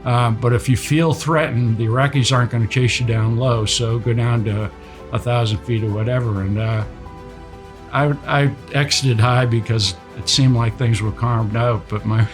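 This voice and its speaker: An older man, a retired naval aviator, recounting a combat mission in a relaxed storytelling way with many fillers. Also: mid-range voice, moderate pace, faint music behind.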